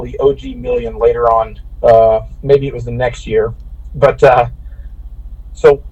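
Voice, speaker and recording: With a husky, mid-range voice and the highs cut off in the audio, an Illinois man who races cars rambles through an anecdote on a podcast. He's animated and keeps restarting his story in the casual conversation.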